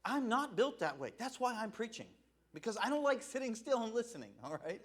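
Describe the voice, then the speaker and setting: Lively high-voiced man preaching a sermon. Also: brisk. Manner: conversational, asks "right?" often, laughs at himself. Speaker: evangelist preacher.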